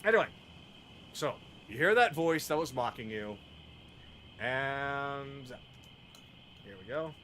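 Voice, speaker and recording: A man narrating a tabletop game as game master in a deliberate way. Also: mid-range voice, lively intonation, fairly bright tone, slight background noise.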